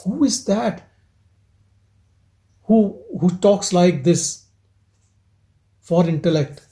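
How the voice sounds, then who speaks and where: A man with a high-sitting voice leads a reflective spiritual talk as a satsang teacher, animated and drawing out his words. In a gentle teaching tone, he probes listeners with rhetorical question after rhetorical question.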